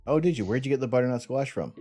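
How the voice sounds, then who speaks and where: A man's voice: mid-range voice, animated, very fast, mellow, breathy edge, faint music behind. A man from Canada hosting a casual charity livestream, chatty and teasing, laughing often. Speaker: stream host.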